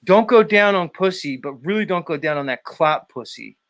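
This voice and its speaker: Higher-voiced man ranting and swearing. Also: expressive, moderate pace, fairly bright tone. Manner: mocking, profane, ranting. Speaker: show host. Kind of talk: casual profane ranting commentary.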